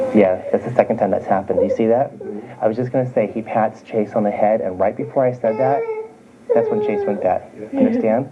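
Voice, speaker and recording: A man working as a psychic medium in a private reading, speaking haltingly with fillers and restarts and checking in with his listeners after almost every sentence. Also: lowish voice, dull audio, very noisy. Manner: keeps checking in with "okay?". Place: home room with small children nearby.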